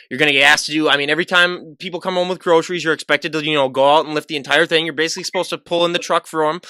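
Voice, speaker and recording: A man's voice: on the high side, pushed and bright, no room sound, studio quality. A young man hosting a podcast, chatting in a rambling, easygoing way and laughing often. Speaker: podcast host. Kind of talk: casual interview chat.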